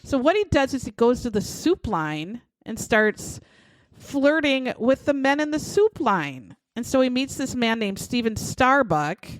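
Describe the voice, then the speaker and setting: A woman's voice: on the high side, very animated, measured pace, no room sound. A woman co-hosting a podcast, casually retelling a true-crime story with swearing and quoted voices. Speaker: podcast co-host.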